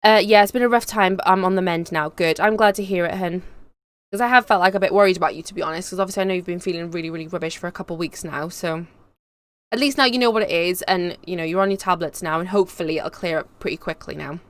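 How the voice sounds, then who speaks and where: A woman's voice: on the low side, fast talker, clean tone. Young welsh girl from cardiff rambling thru a live chat, laughs a lot, casual and chatty. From Wales. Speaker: YouTube host reading live chat.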